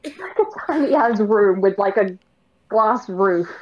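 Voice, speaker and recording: A woman's voice: mid-range voice, expressive, unhurried, darkish tone, dull audio. A woman playing a tabletop game, talking in a dry, sarcastic way from a small glass-roofed conservatory. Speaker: player. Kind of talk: casual game chat.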